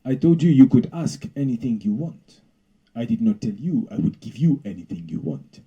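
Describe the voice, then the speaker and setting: A man playing Zeus, a pompous male king of the gods, in a husky, imperious voice. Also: mid-range voice, very animated, moderate pace, mellow, lo-fi sound. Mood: smug.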